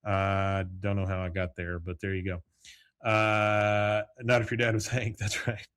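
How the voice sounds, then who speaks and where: A man's voice: on the low side, monotone, measured pace, a bit bright, clear, resonant tone. A middle-aged man hosting a solo podcast, recapping a cartoon episode in a rambling, casual way with chuckling asides. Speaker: podcast host. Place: home, with morning coffee.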